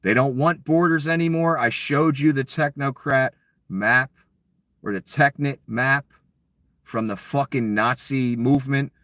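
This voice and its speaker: A man's voice: medium pitch, steady tone, measured pace, a bit bright, no echo. A man giving a blunt, mocking solo commentary, full of profanity. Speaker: political commentator.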